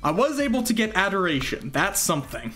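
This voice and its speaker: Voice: medium pitch, big pitch swings, brisk, a bit bright, soft background music. A streamer doing casual gameplay commentary and talking with viewers, laughing often and trailing off mid-sentence.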